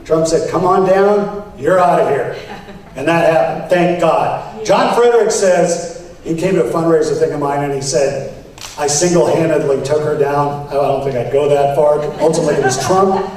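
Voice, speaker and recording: A man's voice: on the high side, normal speed, a little mellow. A man running for party office, telling a story to convention delegates in an emphatic, storytelling way. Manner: storytelling, emphatic, quotes others with raised voice. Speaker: political candidate. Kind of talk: campaign speech to delegates. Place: convention hall. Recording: very echoey hall, mic at a distance.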